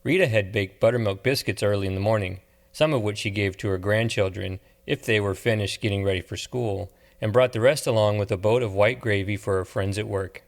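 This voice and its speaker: A man narrating an audiobook novel in a measured, steady way. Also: lowish voice, vocal fry. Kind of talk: scripted narration.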